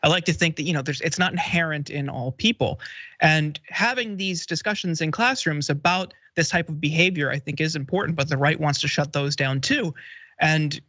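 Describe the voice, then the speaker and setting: A man giving political commentary as a guest, his tone bright and sharp and his pitch slightly raised. He builds his argument in long, measured sentences, and the sound is dry and a little dull. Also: no echo.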